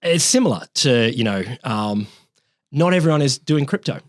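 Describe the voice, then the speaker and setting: A man co-hosting a casual history podcast, his pitch rising and falling constantly as he explains. He talks loosely, restarts sentences and swears now and then. The sound is dry and close, with no room echo. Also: expressive, moderate pace.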